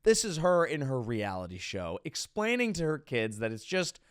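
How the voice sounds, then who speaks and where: A man's voice: mid-range voice, moderate pace, clear, resonant tone. A man hosting a comedic podcast, ranting with sarcastic, mocking riffs. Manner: sarcastic, mocking, lively riffing. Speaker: comedian and host.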